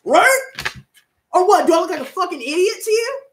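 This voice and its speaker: A woman in her twenties talks bluntly and heatedly to her livestream, swearing freely. Her voice sits high and swings widely in pitch. The sound carries a roomy echo. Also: lively intonation, very fast, a little hiss or hum. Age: 20s. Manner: blunt, profane and heated, ranting and laughing. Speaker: tarot reader and streamer. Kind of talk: casual livestream chat.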